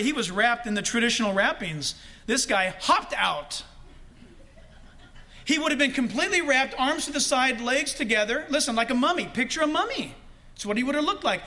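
A male pastor preaching a sermon with animated delivery, shouting the quotes he acts out and laughing often. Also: very high voice.

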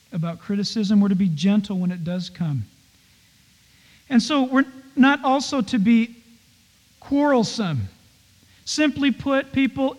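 A man's voice: sits high, big-room sound, poor audio. A man preaching a conversational sermon as a pastor, slipping into playful acted-out asides.

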